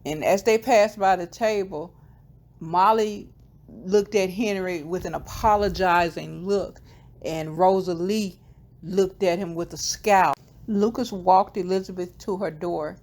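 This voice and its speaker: In a lowish, slightly mellow voice and an unhurried manner, a woman retells a TV episode one scene at a time. She repeats the characters' lines in her normal speaking voice, occasionally slipping in a filler word or fixing what she just said, in this casual plot recap.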